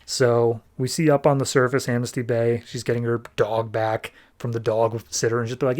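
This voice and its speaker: A man's voice: mid-range voice, little pitch movement, moderate pace, few pauses, a little mellow. A man hosting a podcast, recapping a comic book in a chatty, rambling way with fillers. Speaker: podcast host.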